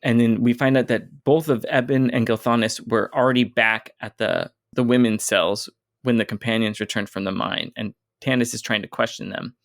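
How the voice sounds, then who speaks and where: Male co-host, amused and explanatory, casual podcast; average pitch, dry sound. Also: fairly even intonation, normal speed, vocal fry, no room sound. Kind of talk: casual book discussion.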